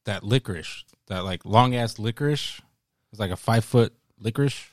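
A man's voice: fairly low pitch, fairly quick, dry recording, studio quality. A young man co-hosting a casual live stream chat, joking, teasing and swearing freely. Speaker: stream co-host.

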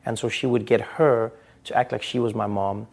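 A man's voice: lowish voice, normal speed, vocal fry, breathy edge. A man in his thirties from South Africa, telling stories about his childhood in an earnest interview. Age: 30s. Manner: earnest, storytelling, quotes others in lively voices. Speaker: interviewee, comedian. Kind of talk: reflective interview.

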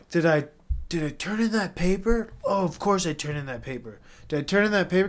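A young man hosting his own podcast, talking alone in a rambling, profane and emotional confessional way. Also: on the high side. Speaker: podcast host. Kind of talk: casual solo monologue.

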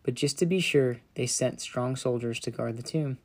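At normal speed and medium pitch, a man recounts a Bible story meant for children. His gentle, dramatic style turns softer in solemn passages.

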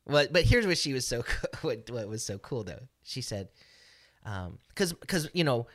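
A man's voice: mid-range voice, big pitch swings, normal speed, fairly bright tone, no echo, clean studio sound. A middle-aged man co-hosting a podcast, telling a story casually in a rambling way with many restarts and fillers. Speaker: podcast co-host.

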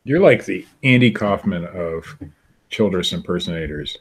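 A man's voice: sits low, animated, moderate pace, breathy edge. A man co-hosting a podcast in casual chat, easygoing and amused. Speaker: podcast co-host.

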